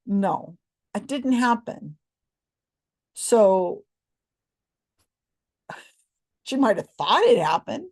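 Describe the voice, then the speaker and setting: A woman's voice: medium pitch, expressive, slow pace, long pauses, a little mellow, slightly rough. A woman in casual chat, skeptical, sighing and scoffing as she argues a point. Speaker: co-host.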